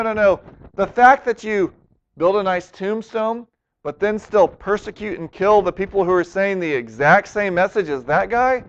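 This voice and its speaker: A man's voice: high voice, smooth. A man preaching a sermon as a pastor, earnest, acting out the voices he quotes. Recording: dull lo-fi recording.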